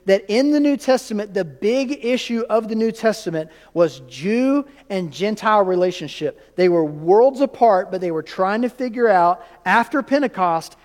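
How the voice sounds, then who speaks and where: A male pastor with a high voice delivers a teaching sermon, tossing questions to his congregation and answering them himself. His words ring out with the long reverb of a church sanctuary. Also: lively intonation, normal speed, few pauses, a little mellow.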